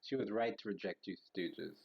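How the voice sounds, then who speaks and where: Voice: sits low, moderate pace, gravelly, highs cut off. A reader voicing a sullen teenage boy who answers bullies with cold, dismissive insults. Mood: scornful.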